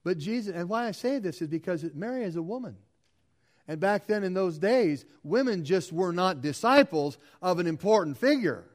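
Preaching man with a fairly high voice. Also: animated, normal speed. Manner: preaching with rising emphasis and repeated phrases. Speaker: pastor. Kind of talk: sermon.

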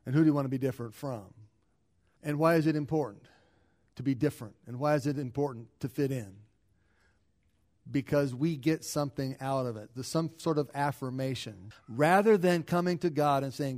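A middle-aged man, a pastor, preaching a sermon with frequent restarts and repeated words, swinging between loud emphasis and quiet asides. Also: mid-range voice, normal speed.

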